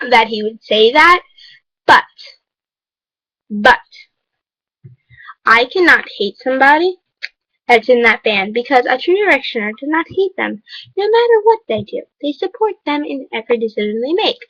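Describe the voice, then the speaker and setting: A woman's voice: a little high, fairly bright tone, no echo, muffled recording. A woman vlogger talking to camera in an emphatic, lecturing, chatty way. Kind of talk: casual vlog monologue.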